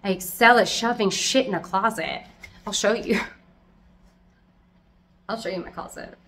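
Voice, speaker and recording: A woman chatting casually as a plant vlogger, talking loudly, giggling, swearing and talking to her plants at home. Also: mid-range voice, measured pace. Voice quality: loud, close to yelling. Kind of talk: casual chat. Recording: echoey room with faint background noise.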